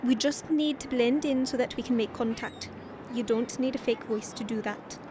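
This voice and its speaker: A woman with an Irish accent acting in an audio drama, brisk, bossy and playful. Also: fairly high pitch, background noise, natural voice.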